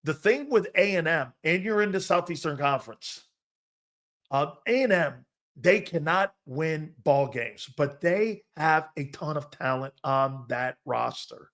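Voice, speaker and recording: A man hosting a live sports talk show, loud and jokey, talking straight to his viewers. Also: a little high, expressive, a little slow. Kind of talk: live-stream sports talk reading chat.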